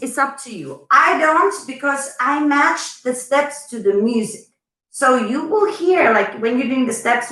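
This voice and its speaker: A woman's voice: a little high, a bit bright, roomy sound, poor audio. A woman teaching a live online dance lesson, chatty and bubbly, counting the beats aloud as she goes. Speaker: dance instructor.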